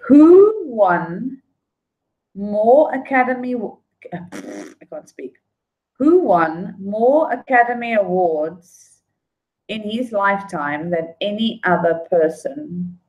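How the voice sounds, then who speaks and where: A woman hosting a trivia night takes her time, drawing out each question and reading it again. Her voice sits at an ordinary pitch. The recording sounds dull and lo-fi. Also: animated. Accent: non-local accent. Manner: slow, drawn-out question reading, laughing apologies, humming between questions. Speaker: trivia quiz host. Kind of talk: casual live trivia hosting.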